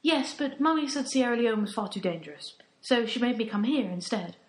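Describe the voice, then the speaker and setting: Woman playing a naive posh young woman volunteer, gushing, high, lively voice. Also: fairly quick, echoey room, natural voice. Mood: earnest. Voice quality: earnest, gushing.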